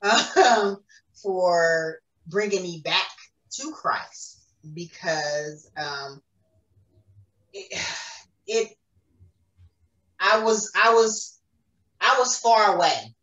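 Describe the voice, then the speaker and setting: A woman's voice: lowish voice, lively intonation, very slow, pauses often, a bit bright, dull audio. A woman giving an earnest, emotional personal faith testimony as a podcast guest. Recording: roomy echo, distant mic.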